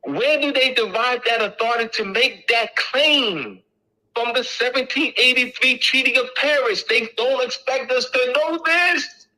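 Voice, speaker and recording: A man's voice: extremely high pitch, measured pace, pushed and bright, rough recording. A middle-aged man giving an informal lecture to an audience, emphatic and repetitive as he drills each point home.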